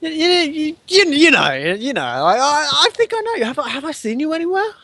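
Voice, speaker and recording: A man's voice: very high-pitched, sing-song, a little fast, bright, forceful tone, no room sound, pitched above the performer's own voice, exaggerated voice. An actor playing a shifty, suspicious local man with missing teeth who stammers as he probes. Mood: probing. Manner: hesitant, stammering, probing.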